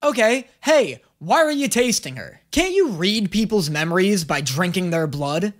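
A man's voice: high-pitched, big pitch swings, normal speed, music in the background. A man hosting a casual anime reaction video, joking and incredulous. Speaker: YouTube reaction host.

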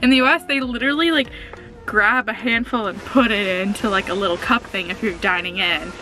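A woman's voice: medium pitch, a little fast, music in the background. A young woman chatting casually for her vlog from a car, rambling with fillers and little laughs. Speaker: vlogger.

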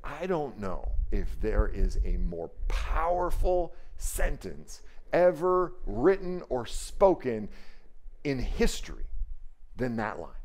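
A pastor preaches with animated, conversational energy, acting out the voices of the people he quotes. His voice sits a little high.

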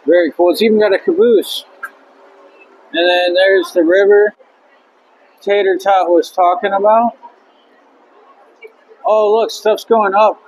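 A man with a high, husky voice talks unhurriedly while filming a museum exhibit on a handheld camera. He speaks in short, awed remarks, casual and chatty. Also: steady tone, measured pace, long pauses, darkish tone, rough recording. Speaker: vlog co-host filming. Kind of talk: casual vlog chat. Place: indoor museum model railroad exhibit.

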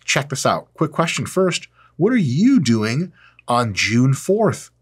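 A middle-aged man hosting his own channel, announcing an event in a casual, deadpan joking monologue. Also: a little high, measured pace, breathy edge. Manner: deadpan joking, lively ups and downs, mock British voice at times. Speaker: channel host.

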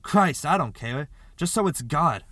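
A man's voice: mid-range voice, normal speed, bright, forceful tone, dry recording, natural voice. A man voicing a desperate, shaken young man who speaks breathlessly and indignantly. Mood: impatient.

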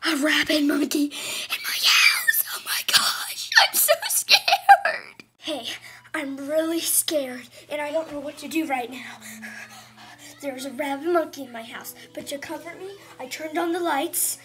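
A woman playing a jittery 32-year-old man camping in his own room in a homemade comedy video, talking in a hushed whisper that breaks into panicked shrieks. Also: sits high, very animated, measured pace, noisy background. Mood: shaky.

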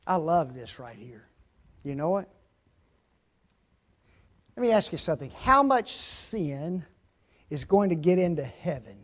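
A man preaching a sermon with emphasis, asking his listeners rhetorical questions and swinging between loud, rising stress and low, quiet drops. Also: animated, a little slow.

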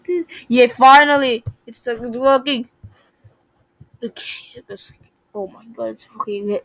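A young woman giving casual commentary while playing a puzzle game, excitable, swinging from muttering to shouting at the game. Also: on the high side, takes it slowly, pauses often, no echo, low-quality recording. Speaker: gaming video creator.

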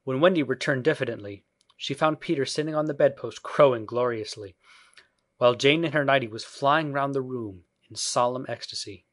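A man narrating a storybook in a measured, even way, with a voice pitched in the middle of the male range. It is read as a steady audiobook.

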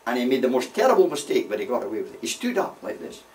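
A man's voice: mid-range voice, big pitch swings, racing, a little mellow, a little hiss or hum. Older man, rambling storyteller, distant. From Scotland. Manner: rambling, frequent "you see" asides. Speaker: war veteran. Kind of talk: anecdotal storytelling. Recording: voice from far off the mic.

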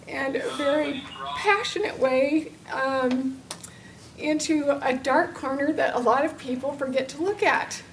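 A middle-aged woman with a high voice gives an earnest personal testimony, full of fillers and restarts. She sounds a little far from the mic, with faint noise behind her. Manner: earnest, storytelling, frequent fillers. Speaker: parent specialist speaker.

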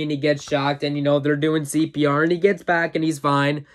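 Talking fairly quickly with hardly any pauses, a man with a high-side, fairly bright voice and little pitch movement recaps a movie he loves. As a reviewer and eager fan, he rambles, chuckles often, and fills his plot summary with "uh" and "you know."

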